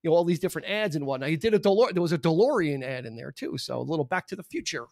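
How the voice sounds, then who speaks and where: A man with a high voice talks quickly, rambling through his points and padding them with fillers. His voice sounds close and dry, with no room echo. He is co-hosting a relaxed podcast chat about a movie. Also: vocal fry. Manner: rambling, fills with "you know". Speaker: podcast co-host. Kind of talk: casual movie discussion.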